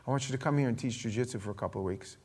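A middle-aged man preaching a sermon, telling a story with lively acted-out dialogue. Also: medium pitch, racing. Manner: storytelling, animated, acts out dialogue. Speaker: pastor.

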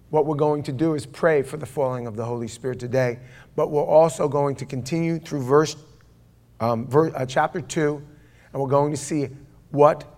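A pastor leading a prayer and then preaching a sermon in church, in a conversational way that asks the congregation questions. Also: male voice, fairly high pitch, darkish tone.

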